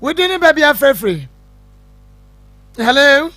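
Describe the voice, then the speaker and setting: A woman hosting a radio call-in show, briskly greeting and blessing each caller on air. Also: high-pitched, very animated, fairly bright tone, no room sound.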